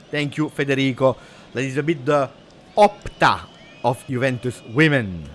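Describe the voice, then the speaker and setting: A man commenting live on a football match, switching between muttered play-by-play and shouting at big moments. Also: mid-range voice, moderate pace, slight background noise. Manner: excitable, shouts at big moments, drops Italian words. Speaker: football fan streamer.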